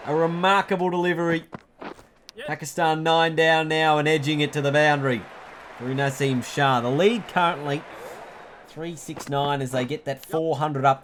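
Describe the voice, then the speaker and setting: Excitable man calling a cricket game. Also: on the high side, measured pace, slight background noise. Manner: excitable, jumps up at big moments; chatty, corrects himself. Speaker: video game commentator. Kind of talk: play-by-play sports commentary.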